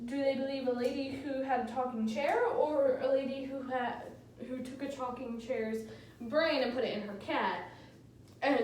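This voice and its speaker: A woman co-hosting a podcast improvises a silly story, giggly and rambling. Her voice is high, and she sits back from the mic in an echoey room with faint noise. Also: darkish tone, distant mic. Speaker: podcast co-host.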